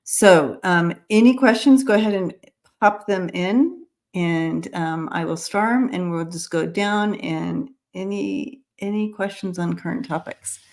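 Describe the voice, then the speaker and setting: Slow-talking woman hosting a live stream. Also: lowish voice, darkish tone. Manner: halting, many fillers and restarts, greets viewers by name. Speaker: host of a live-stream psychic reading show. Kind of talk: casual live-stream chat reading viewer comments.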